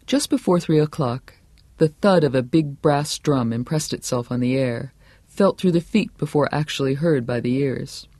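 A man reading a novel aloud in a measured, steady storytelling voice. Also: mid-range voice, no room sound. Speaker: audiobook narrator. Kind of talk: scripted narration.

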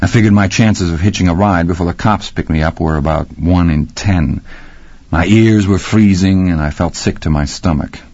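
A man's voice: low-pitched, moderate pace, a little mellow, dry recording. A man narrating a gritty first-person story with dramatic storytelling. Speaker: audiobook narrator. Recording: slightly muffled dry audio.

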